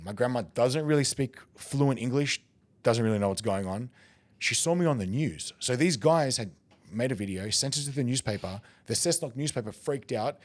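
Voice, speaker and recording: An Australian man on a podcast, telling a story with plenty of energy. He laughs often and acts out the other people in it. His voice sits at an ordinary pitch for a man. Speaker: podcast guest, competitive eater. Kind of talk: casual storytelling chat.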